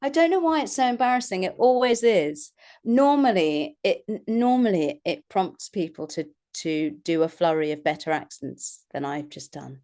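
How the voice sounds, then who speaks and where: A woman's voice: lowish voice, very animated, normal speed, mellow. A woman, an actress and voice artist chatting as an interview guest, self-deprecating and laughing often as she talks. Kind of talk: casual interview chat.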